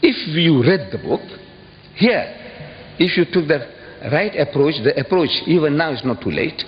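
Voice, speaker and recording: A man giving a public lecture in an animated, emphatic way, pressing his audience with rhetorical questions. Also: on the high side, normal speed. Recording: dull lo-fi archive recording in a reverberant hall.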